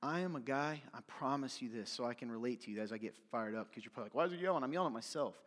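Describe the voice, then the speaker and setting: A man preaching a sermon as pastor, fired up and yelling at times, then dropping to soft, confiding asides. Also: mid-range voice, very fast, long reverb tail.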